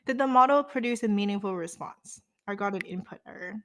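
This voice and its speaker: Playful young woman teaching online. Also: mid-range voice. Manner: playful, chatty, quick asides to chat. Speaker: host leading a live course walkthrough. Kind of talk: casual livestream lesson, reading course text aloud.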